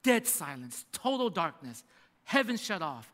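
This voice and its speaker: A pastor preaches with a high, ringing voice, telling the story with lively acted-out voices. His sound carries a long reverb from a large hall. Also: a little slow. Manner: animated storytelling, acting out voices in quotes. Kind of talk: sermon.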